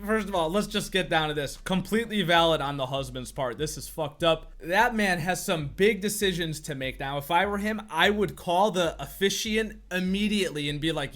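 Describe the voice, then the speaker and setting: A man's voice: on the high side, expressive, moderate pace, few pauses, a bit bright. Blunt, mocking man streamer. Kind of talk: reaction stream commentary.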